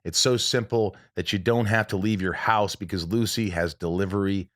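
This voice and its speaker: A man hosting a casual podcast chat, animated and quick to break into loud movie impressions. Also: fairly low pitch, no echo, clean studio sound. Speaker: podcast host.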